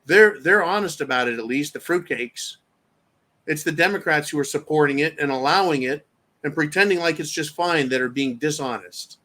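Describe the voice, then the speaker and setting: A man's voice: fairly high pitch, normal speed, bright, forceful tone. Brassy-voiced man ranting on his show. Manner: profane, combative ranting; reads viewer chat aloud. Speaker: show host. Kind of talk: live-stream commentary rant.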